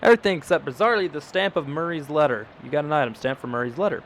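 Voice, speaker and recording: A man's voice: a little high, fast, a bit bright, slight background noise. A man playing a video game who reads its dialogue aloud, joking and swearing between lines. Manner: reads dialogue in mock old English, swears, jokes. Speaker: gaming YouTuber. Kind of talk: let's play commentary, reading game text aloud.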